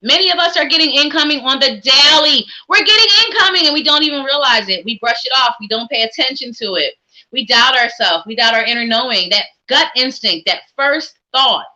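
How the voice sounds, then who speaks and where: Bright-voiced upbeat woman psychic host. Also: sits high, animated, normal speed, rough recording. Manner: upbeat, encouraging, chatty. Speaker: psychic reader and live-stream host. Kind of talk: casual live-stream chat.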